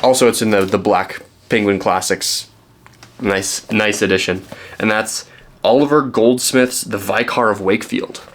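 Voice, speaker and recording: A man's voice: on the low side, measured pace, a bit bright. A young man from Canada, chatting casually and rambling with lots of ums while showing the books he found. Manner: rambling, self-deprecating, many ums and restarts. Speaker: book vlogger.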